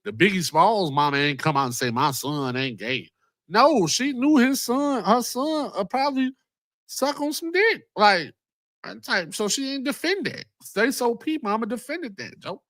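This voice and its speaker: A man's voice: extremely high pitch, very animated, normal speed, a bit bright, no echo. A man hosting a casual livestream, rambling in profane street slang with many restarts. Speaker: livestream host.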